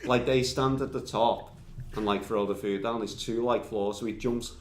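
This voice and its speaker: A man's voice: lowish voice, fairly even intonation, normal speed, reverberant, over a noisy crowd. A man telling a long comic tale in a podcast, rambling and swearing with lots of fillers. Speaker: storyteller. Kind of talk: comedic storytelling podcast.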